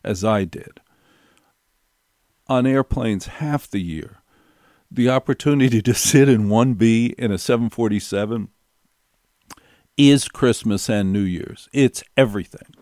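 Mid-range and a little slow, this middle-aged storyteller pauses often, his voice slightly mellow and his recording clean, studio-quality, with no echo. He shares a personal anecdote wryly, wandering off on tangents and returning to repeat key phrases for effect.

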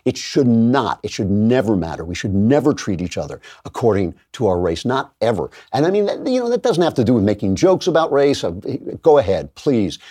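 A man's voice: mid-range voice, a little fast, few pauses, slightly rough. A man hosting a commentary show, delivering an emphatic monologue with mocking asides. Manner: emphatic, animated, with mocking put-on voices.

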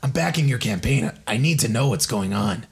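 A man voicing an older male campaign backer who talks in a persuasive, measured way with hesitant fillers. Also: mid-range voice, expressive, creaky, husky, exaggerated voice. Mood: pressing.

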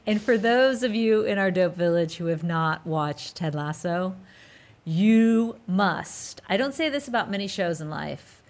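A woman co-hosting a podcast, chatting casually with an animated, gushing energy. Her voice sits a little low for a woman, and she talks in quick enthusiastic bursts. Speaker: podcast co-host.

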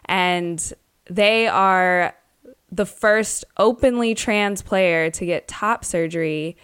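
A woman co-hosting a podcast in casual chat, easygoing and measured as she tells stories. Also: on the low side, fairly bright tone, smooth. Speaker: podcast co-host.

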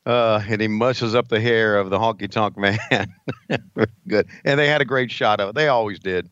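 A man's voice: fairly low pitch, normal speed, a bit bright, clear, resonant tone, dry recording, lo-fi sound. A man co-hosting a casual podcast, folksy and emotional, often stumbling over his words. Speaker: co-host, former wrestling announcer.

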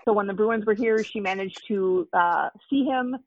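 A woman's voice: mid-range voice, moderate pace, a little mellow, dull audio, slight background noise. A woman who is the mother of a young fan, telling a long story as an interview guest, with many fillers and restarts.

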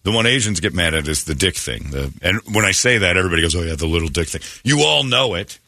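Brash, lively morning radio host man. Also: sits low, fast, background noise. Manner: brash, jokey, slips into mock tough-guy voices.

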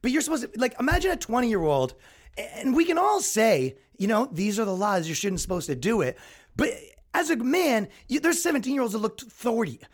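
Young man, podcast host; exasperated comedic ranter, high-pitched and very animated. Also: a little fast. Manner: exasperated, ranting, mocks others in put-on voices. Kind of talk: solo comedic rant.

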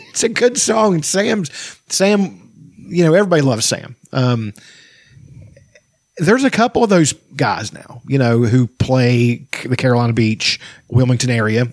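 A man's voice: medium pitch, no room sound, clean studio sound. A man, chatting casually as a podcast host, rambling, swearing and laughing often. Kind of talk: casual chat.

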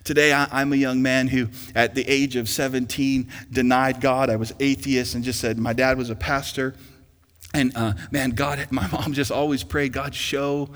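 A young man preaching a sermon as pastor in a church, emphatic and rising to loud peaks, with an easy storytelling manner. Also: medium pitch, flat delivery, moderate pace. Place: church sanctuary. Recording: long hall reverb.

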